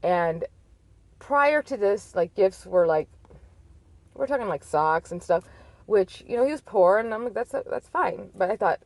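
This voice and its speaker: A woman's voice: mid-range voice, animated, unhurried, pauses often, darkish tone, no room sound. A woman in her thirties telling a personal story in a candid, rambling way, full of filler likes. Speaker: vlogger.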